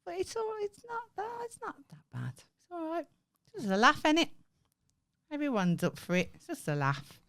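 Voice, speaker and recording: A woman's voice: high-pitched, huge pitch swings, normal speed, a bit bright. A young woman co-hosting a casual podcast with her partner, teasing him in a giggly, playful way. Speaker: podcast co-host. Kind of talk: casual couple's podcast chat.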